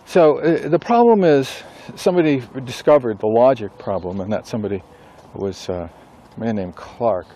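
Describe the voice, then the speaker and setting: A man who writes books and teaches a class, talking casually and thinking aloud with pauses and self-corrections. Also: medium pitch, animated, mellow. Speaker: author and instructor. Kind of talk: casual rambling monologue.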